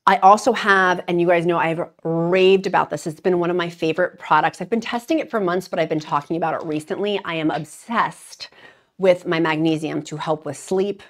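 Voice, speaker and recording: A woman's voice: fairly low pitch, fairly quick. A woman talking casually and candidly to camera, rambling with many fillers and growing emotional. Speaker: vlogger.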